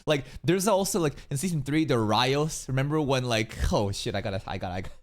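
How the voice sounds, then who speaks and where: Animated, excitable male streamer. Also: mid-range voice, fast, few pauses. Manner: crude, excitable, laughs and stammers often. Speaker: streamer reacting to a video. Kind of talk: casual reaction commentary.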